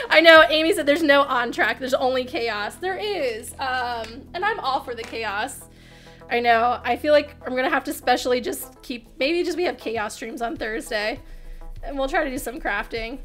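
A woman's voice: sits high, normal speed, fairly bright tone, soft background music. A woman chatting with viewers on a crafting livestream, bubbly and giggly, often laughing as she talks. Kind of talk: casual crafting livestream chat.

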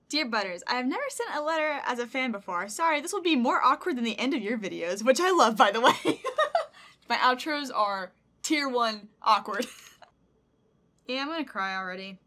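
Young woman, upbeat vlogger type, bright higher voice, excitable and emotional. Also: brisk. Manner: bubbly and excitable, squeals up high, gets teary reading fan letters. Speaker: YouTuber. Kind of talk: casual vlog chat. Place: home room with packages.

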